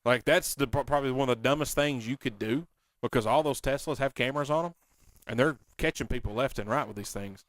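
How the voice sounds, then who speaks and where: A man's voice: mid-range voice, fast, dry recording. A man hosting a casual radio show, talking bluntly in a folksy, ranting way.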